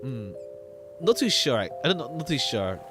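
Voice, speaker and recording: A man's voice: mid-range voice, very animated, normal speed. A man streaming a game, chatting casually and rambling with stammering restarts over background music.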